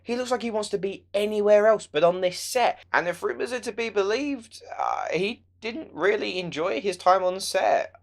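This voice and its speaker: Sarcastic ranting young man. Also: high voice. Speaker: film reviewer. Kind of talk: ranting movie review vlog.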